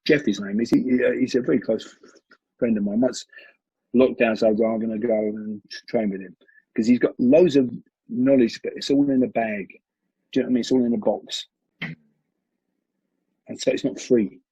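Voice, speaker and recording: A man with a deeply husky, gravelly voice and a mellow, warm tone tells stories as a guest in an interview. He gets animated and often restarts mid-sentence. The recording is dry and dull, like lo-fi audio. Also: normal speed, pauses often, no room sound. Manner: animated storyteller with frequent restarts. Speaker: martial arts coach, guest. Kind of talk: conversational interview storytelling.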